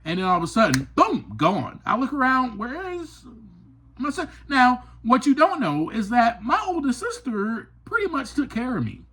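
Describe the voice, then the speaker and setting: A man hosting a podcast, telling a personal story in an earnest, emphatic monologue that climbs to passionate peaks and drops to quiet asides. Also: very high-pitched, huge pitch swings, normal speed, slightly rough. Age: adult. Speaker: podcast host.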